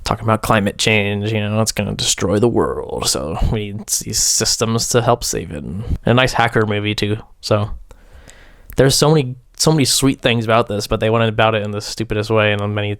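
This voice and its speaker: A man's voice: on the low side, brisk, vocal fry, a bit bright, smooth, no echo, clean studio sound. A young man casually reviewing films as host, rambling with fillers in a wry, dismissive way. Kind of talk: casual film review chat.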